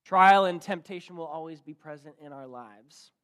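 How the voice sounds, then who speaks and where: A man who is a church pastor, preaching a sermon and telling a joke story with big swings between loud and soft. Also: a little high, normal speed, clean tone. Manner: storytelling with dynamic swings in loudness.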